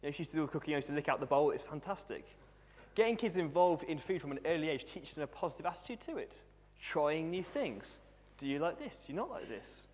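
A man's voice: on the high side, big pitch swings, fast, darkish tone, slight background noise. A young man in his twenties preaching a sermon, humorous and self-deprecating as he tells stories. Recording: long hall reverb.

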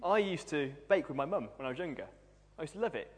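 A man's voice: a little high, animated, fast. A young man in his twenties preaching a sermon, humorous and self-deprecating as he tells stories. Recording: long hall reverb.

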